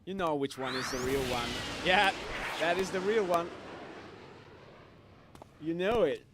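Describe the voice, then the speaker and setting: A man streaming a video game, reacting excitably to it with frequent laughter and shouted exclamations. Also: fairly high pitch, a little slow, background noise. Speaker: VTuber streamer. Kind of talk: live gameplay commentary. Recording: game music behind the voice.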